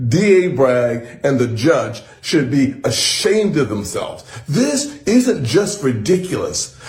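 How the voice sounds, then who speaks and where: Indignant male speaker, slow deliberate delivery, roomy echo. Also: on the high side, a little mellow. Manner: indignant, emphatic. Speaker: politician. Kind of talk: political speech. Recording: echoey room.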